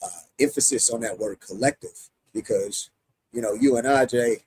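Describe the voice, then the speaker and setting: A man's voice: mid-range voice, normal speed, darkish tone, husky, low-quality recording. A middle-aged American man, a union president, answering interview questions emphatically, often restarting his sentences. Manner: emphatic, many repeated restarts.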